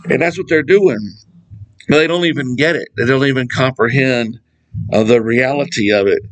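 A middle-aged man giving a casual Bible study talk, animated and digressive, laughing at his own jokes. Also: medium pitch, normal speed, poor audio. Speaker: Bible teacher.

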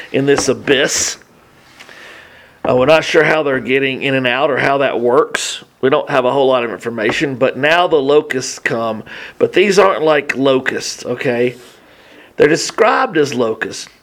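A man preaching a Bible teaching in an animated, conversational way, often restarting his sentences and adding asides. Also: medium pitch. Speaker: pastor.

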